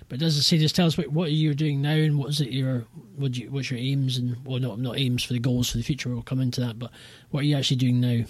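A man hosting a podcast interview, asking rambling, halting questions in a casual way. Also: medium pitch, darkish tone, dry recording. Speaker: podcast host.

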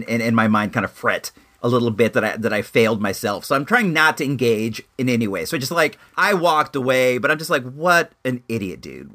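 A man's voice: medium pitch, bright, forceful tone. A young man telling a rambling story in a casual vlog, with lots of fillers and restarts. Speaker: vlogger.

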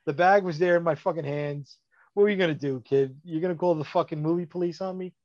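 Brief: blunt profane guy, high pitch, slightly muffled dry sound. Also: quick pace, a little mellow, dry recording. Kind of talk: casual chat.

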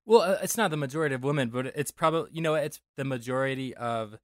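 A young man from Denver, USA, co-hosts a casual podcast chat in a medium-pitched voice at a quick pace. He rambles, jokes and corrects himself as he goes. The studio recording is clean, with no echo.

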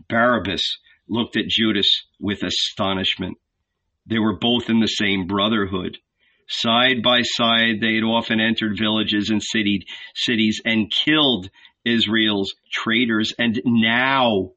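A man reading a novel aloud as the regular reader, slow and deliberate, closing with an affectionate sign-off. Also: on the low side, fairly even intonation, bright, forceful tone, lo-fi sound. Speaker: audiobook reader. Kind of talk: scripted narration.

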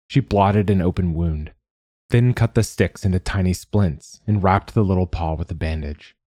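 Give me a man with a deep, husky voice narrating a story in a measured, somber way. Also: warm tone, no room sound, clean studio sound.

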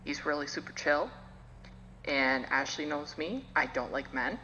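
A woman's voice: low voice, measured pace, sharp tone. A woman co-hosting a podcast in casual chat, blunt and jokey, laughing often, on a lo-fi recording with reverb. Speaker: podcast co-host. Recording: lo-fi with hall reverb, faint hum.

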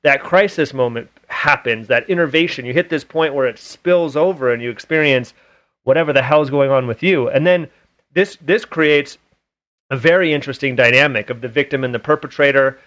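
A man's voice: mid-range voice, brisk, fairly bright tone. A man hosting a podcast, telling a personal story candidly and swearing freely in casual conversation. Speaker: podcast host.

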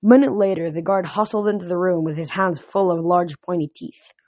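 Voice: medium pitch, fairly quick, a little mellow, dry recording, muffled recording. A reader narrating a novel chapter aloud, then chatting casually with fillers afterwards.

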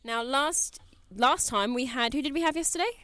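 A woman's voice: high voice, moderate pace, a bit bright, smooth, dry recording. A woman co-hosting a radio show in chatty, giggly banter. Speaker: radio co-host.

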